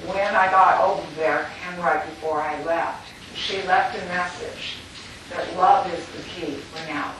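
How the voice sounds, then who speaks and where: A woman's voice: fairly low pitch, fairly even intonation, measured pace. A middle-aged woman speaking candidly and emotionally about her near-death experience, telling a personal story with laughter. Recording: very echoey, distant mic with noise.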